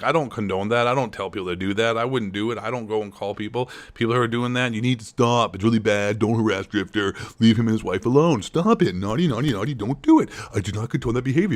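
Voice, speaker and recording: Young man, lowish voice, sarcastic rant, rambling, joking commentary vlog. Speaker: gaming commentary channel host.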